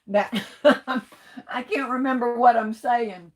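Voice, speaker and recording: On a casual livestream, a middle-aged woman with a voice on the high side speaks slowly. She greets viewers warmly with "hey, baby" and reads out their comments while suppressing coughs and sneezes in a chatty way.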